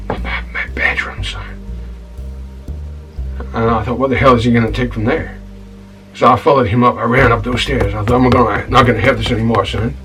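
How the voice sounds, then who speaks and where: A man's voice: medium pitch, a bit bright, distant mic, close to an everyday voice, rough recording. A man playing a rambling, put-upon scoundrel barkeep. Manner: rambling, indignant storytelling with stammered restarts, calling the listener "son". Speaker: title character of a comedy-drama web series. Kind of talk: comic monologue. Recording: voice a bit off-mic, with music behind.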